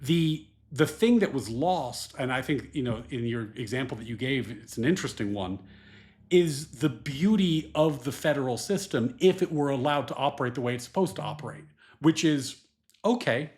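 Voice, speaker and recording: Male podcast host, mid pitch, emphatic, argumentative in casual debate.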